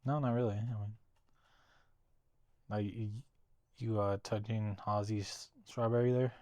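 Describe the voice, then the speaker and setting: A young man co-hosting a casual podcast, teasing his friends in a relaxed, hesitant way with many fillers. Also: lowish voice, a little slow, no room sound. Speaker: podcast co-host. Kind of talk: casual chat.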